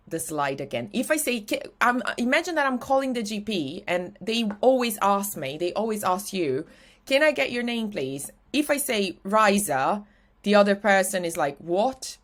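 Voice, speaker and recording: A young woman from Brazil with a Brazilian Portuguese accent, a native Portuguese speaker teaching an English lesson with slides and slowing down to spell letters out clearly. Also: medium pitch, expressive.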